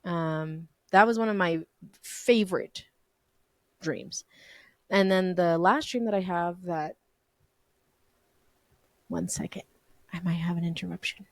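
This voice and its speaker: Speaking slowly with long pauses, this young podcast host has a fairly low voice, captured in a dry recording. She's telling her dream stories solo in a relaxed, chatty manner, laughing a lot and leaning heavily on "like" and "um".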